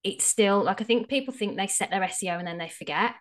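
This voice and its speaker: A woman's voice: mid-range voice, quick pace. An Australian woman, a guest strategist, explaining things frankly and casually in a podcast interview. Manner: explanatory, frank, with frequent fillers.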